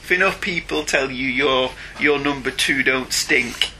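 A man's voice: medium pitch, measured pace, bright, forceful tone, a little hiss or hum. A man co-hosting a comics podcast in casual, teasing banter, laughing often. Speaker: podcast co-host.

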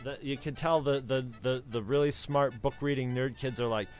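A man's voice: medium pitch, steady tone, normal speed, a little mellow. An American man co-hosting a casual chat, rambling with many restarts as he talks. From United States. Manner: rambling, with many restarts and impressions of other accents.

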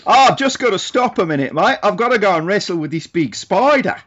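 A man's voice: a little high, fairly quick, natural voice. Field: man putting on a fake Aussie bloke. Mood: mocking. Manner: broad jokey put-on accent. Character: boorish fake Australian bloke, slipping into Cockney. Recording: slightly muffled lo-fi audio.

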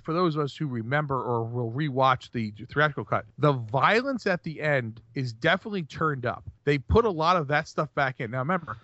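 A man's voice: on the high side, animated, fairly quick, few pauses, pushed and bright, no room sound. A man co-hosting a podcast in casual chat, rambling with many restarts and fillers. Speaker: podcast co-host. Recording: dry, dull lo-fi podcast mic.

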